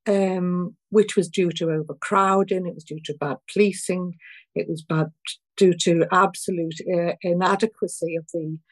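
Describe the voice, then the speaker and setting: An older woman from Liverpool with a Scouse accent, an activist answering an interview in a heartfelt, halting way and fighting back tears. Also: lowish voice, fairly even intonation, no echo, low-quality recording. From Liverpool, England. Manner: heartfelt, halting, many restarts. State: near tears. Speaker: activist guest.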